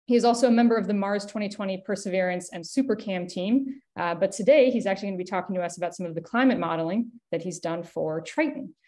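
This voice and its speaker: A woman's voice: medium pitch, quick pace, hardly any pauses, dark tone. A woman hosting an online seminar, introducing the speaker in a casual, filler-heavy way over a video call. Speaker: seminar host. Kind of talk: webinar introduction.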